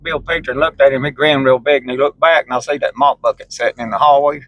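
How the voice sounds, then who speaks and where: A man's voice: mid-range voice, steady tone, fast, fairly bright tone, low-quality recording. Salty man spinning yarns. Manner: rambling, salty, laughs at his own stories. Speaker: storyteller in conversation. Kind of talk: casual storytelling. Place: inside a moving vehicle.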